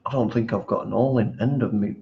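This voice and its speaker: A man co-hosting a livestream, chatting casually with a slow, wry sense of humour. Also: fairly low pitch, steady tone, creaky, highs cut off, slight background noise. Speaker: livestream co-host. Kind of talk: casual chat.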